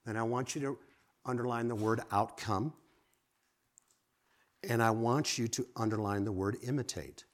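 A man preaching a sermon, lively and conversational, swinging from emphatic exclamations to quiet asides and asking the congregation direct questions. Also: medium pitch, moderate pace, pauses often. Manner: asks the audience direct questions.

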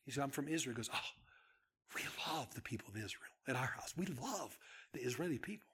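A man preaching a sermon as a pastor, telling stories, dropping to a hush and then building to shouts. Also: medium pitch, lively intonation, fast, husky. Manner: storytelling, swings from hushed to shouting.

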